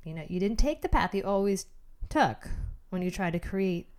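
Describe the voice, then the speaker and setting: A woman podcast host giving animated motivational talk, speaking straight to the listener in a coaching manner. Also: mid-range voice, moderate pace.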